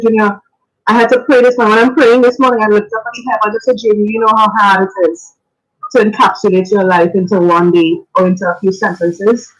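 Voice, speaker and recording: A woman with a medium-pitched voice, heard on a low-quality recording, speaks as a radio guest in a spoken tribute. She shares heartfelt, faith-filled memories earnestly and reflectively, sometimes laughing, with phrasing that sounds like a preacher's.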